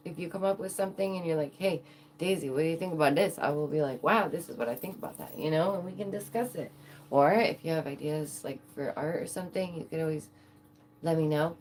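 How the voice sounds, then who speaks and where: A woman streamer chatting casually to her viewers, giggling often and talking in an animated way. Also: lowish voice, slight background noise. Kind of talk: casual livestream chat.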